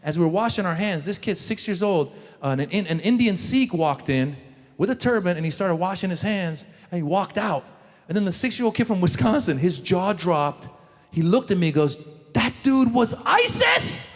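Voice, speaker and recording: A man in his forties, originally from Iran, works a stand-up crowd with a high, bright voice. He delivers his punchlines in bursts of loud shouting. He speaks into a handheld mic on a comedy stage. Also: brisk, long reverb tail. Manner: animated, loud punchlines with shouted quoted lines. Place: comedy stage before a live audience.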